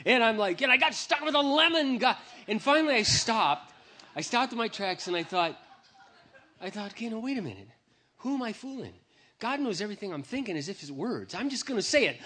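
A man tells a personal testimony to a congregation in an animated, self-mocking way. His voice is bright and forceful and sits a little high for a man. He speaks into a microphone. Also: brisk, husky. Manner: animated, humorous, self-deprecating storyteller. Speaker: Christian speaker.

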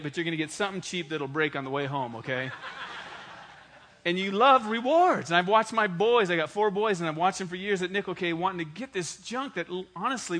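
A man in his forties delivers a sermon in a bright, forceful voice that sits high for a man. He tells stories with humor and speaks straight to the people in front of him, animated and playful. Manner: animated, joking, talks straight to the congregation. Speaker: pastor. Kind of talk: sermon with personal storytelling.

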